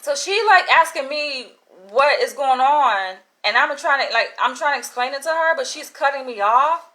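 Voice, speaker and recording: A woman vlogger telling a casual story in an animated, exasperated way, peppered with slangy "yo". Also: sits high, moderate pace, poor audio.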